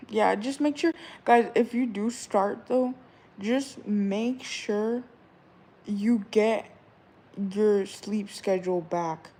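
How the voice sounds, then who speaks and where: A young woman in her twenties talks straight to her viewers in a relaxed, rambling vlog chat. She hands out advice and stories, looping back with "all right?" and "you know" as she goes. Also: mid-range voice, slow. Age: 20s. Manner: chatty, repeats "all right?", loose and rambling. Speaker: vlogger. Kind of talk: casual chat giving advice.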